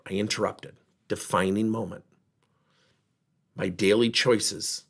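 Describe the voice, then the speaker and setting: Deep and husky, this man's voice carries a motivational workshop as a workplace trainer and speaker. He tells lively stories, acting out other characters in dialogue.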